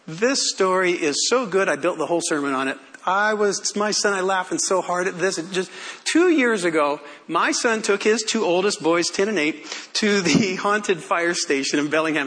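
An older man preaching a sermon as pastor, telling stories in an animated way and often laughing. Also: sits high, normal speed.

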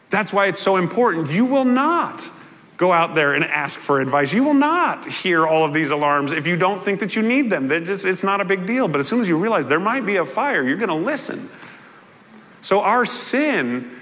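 A man preaching a sermon, talking to his congregation in a conversational way with joking asides. His voice is bright and forceful and swings widely in pitch. Every phrase trails off into a long reverb, as in a large hall. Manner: animated, conversational, playful asides. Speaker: pastor.

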